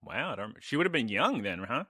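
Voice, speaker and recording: A man's voice: mid-range voice, sing-song, brisk, bright, forceful tone, husky, dry recording, studio quality. A man co-hosting a podcast in casual chat, telling stories with laughs and animation. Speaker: podcast co-host.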